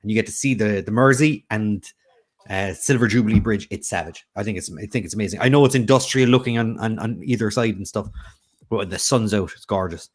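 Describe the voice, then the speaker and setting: A man's voice: on the low side, brisk. A man hosting an online quiz, chatting casually and rambling between jokes. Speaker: quiz host. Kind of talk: casual livestream chat.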